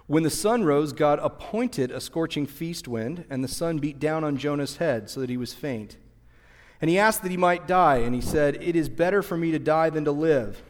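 A man preaching a sermon and teaching from the pulpit, lively and conversational, briefly acting out the people in the story. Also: on the high side, big-room sound. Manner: animated, acts out voices of people in the story. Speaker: pastor.

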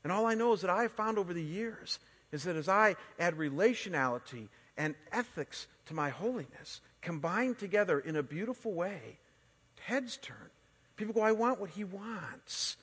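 A man in his forties, a pastor preaching a sermon and telling stories in an animated way, often restarting his words. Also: high-pitched, normal speed, slightly rough. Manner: animated storytelling with frequent word restarts. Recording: long hall reverb.

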